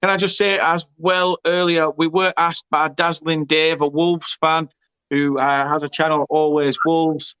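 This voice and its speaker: A man hosts a football watchalong in casual stream chat. He reads viewer comments aloud and throws in jokes. His voice sits a bit high and smooth, recorded close and dry, with a muffled lo-fi stream quality. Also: little pitch movement, a little slow, a bit bright, no room sound. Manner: chatty, jokey, stumbles and repeats words. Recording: dull lo-fi stream audio.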